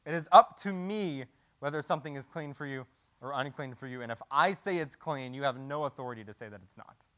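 A man's voice: mid-range voice, brisk, sharp tone, natural voice. A man voicing God in a sermon retelling, speaking firmly and declaratively and repeating his point.

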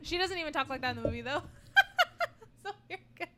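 A woman's voice: sits high, wildly swooping pitch, normal speed, bright, forceful tone, slight background noise. A woman co-hosting a podcast in casual chat, giggly, swearing, easily flustered. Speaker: podcast co-host.

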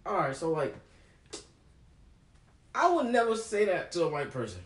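A man's voice: fairly high pitch, big pitch swings, moderate pace, reverberant. A teenage boy answering his mother's questions in playful, hesitant casual chat. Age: teens. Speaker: interviewee, son.

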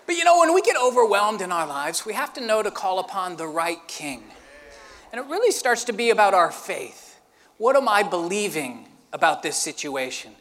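Man, pastor, sermon, animated storyteller, high voice, long hall reverb. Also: moderate pace, a faint crowd. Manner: animated storyteller, acts out scenes with sound effects.

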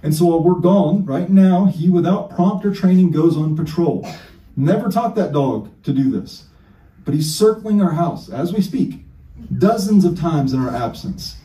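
A man's voice: a little high, animated, moderate pace, dark tone, reverberant. A male pastor preaching an emphatic sermon full of rhetorical questions, heard from a distance in a church.

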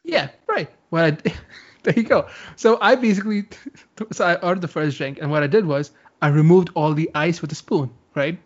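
A man's voice: on the high side, normal speed, highs cut off. A man co-hosting a casual chat, explaining his view at length with lots of fillers. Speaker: podcast co-host.

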